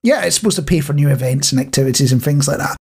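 A Scottish man co-hosting a casual podcast, with a slightly husky voice. His pitch swings up and down as he jokes and quizzes his co-host. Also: lively intonation, very fast. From Scotland. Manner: joking, teasing quizmaster. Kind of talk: casual chat. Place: home recording in Nottinghamshire.

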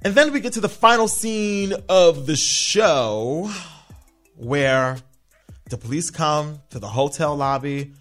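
A man's voice: fairly high pitch, lively intonation, slow, a bit bright, faint music behind. A man hosting a podcast, recapping a TV episode in a casual, sassy monologue, often slipping into mocking voices. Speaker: podcast host.

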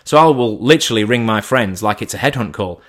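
Man, chatty monologue host, swears freely, slips into quick impressions of people on the phone. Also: lowish voice. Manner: animated, swearing, acts out mock phone calls. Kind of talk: casual monologue.

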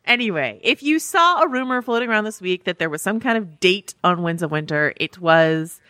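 A woman co-hosting a podcast in casual chat, animated and chatty, laughing often as she reads listener reviews. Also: medium pitch, brisk, dry recording, clean studio sound. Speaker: podcast co-host.

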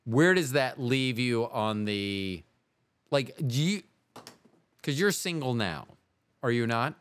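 A man's voice: mid-range voice, expressive, slow pace, fairly bright tone, smooth, no room sound. A man hosting a podcast, asking long, rambling, self-correcting questions with goofy jokes. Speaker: podcast host. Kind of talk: casual interview.

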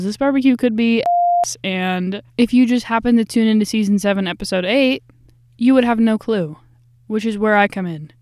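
A woman's voice: mid-range voice, a little mellow, no echo, studio quality. A young woman hosting a casual food review podcast from her closet, chatty and slangy, tired and stressed. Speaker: podcast host. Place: small closet. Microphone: podcast microphone.

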